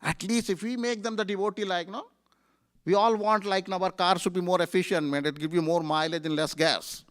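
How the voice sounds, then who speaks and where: Speaking in a temple hall, this man relates a sermon story in a conversational, filler-heavy, animated retelling as the temple speaker. He has a high voice and a brisk pace.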